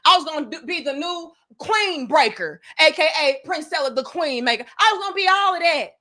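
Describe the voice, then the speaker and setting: A woman's voice: sits high, expressive, fairly quick, sharp tone. A young adult woman, delivering a blunt, profane, preachy opinion monologue as a commentary show host.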